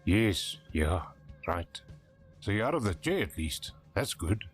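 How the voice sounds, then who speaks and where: An actor playing a rugged older-brother helicopter tour pilot with a South African accent, blunt and easygoing, in a game. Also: male voice, deep voice, big pitch swings, a little slow, faint music behind. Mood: gruff.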